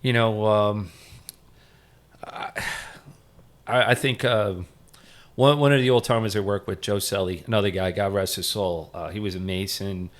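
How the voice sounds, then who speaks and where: A middle-aged man with a fairly low voice, a retired firefighter telling stories as a podcast guest. He talks loosely and rambles, with plenty of fillers. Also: steady tone, normal speed. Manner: rambling, full of "you know" fillers. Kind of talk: casual storytelling interview.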